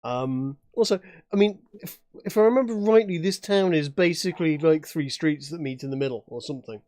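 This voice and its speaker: A man's voice: on the high side, brisk, dark tone, no room sound, clean studio sound. A man from England chatting as a player in a tabletop game, rambling with many restarts and fillers. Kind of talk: casual chat at a tabletop game.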